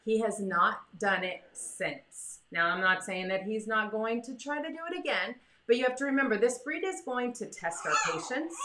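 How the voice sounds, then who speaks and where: A chatty woman gives dog training tips with a bright, forceful voice. She talks in a casual, animated way and slips into little voices for her dog. The sound rings in an echoey room. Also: mid-range voice, a little hiss or hum. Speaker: dog breeder giving training advice. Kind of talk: casual advice talk to camera.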